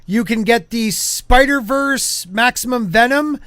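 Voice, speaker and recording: High-voiced rambling podcast host, man. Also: measured pace, a bit bright, dry recording, studio quality. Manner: rambling, many fillers and restarts, reads chat aloud. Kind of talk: casual live-stream chat.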